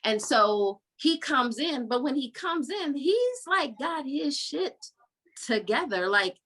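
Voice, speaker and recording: A woman's voice: sits high, slow pace, slight background noise. A woman hosting a casual book-club podcast, retelling the story in a frank, slangy way and laughing often. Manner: animated storytelling, voicing characters' lines. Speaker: podcast host.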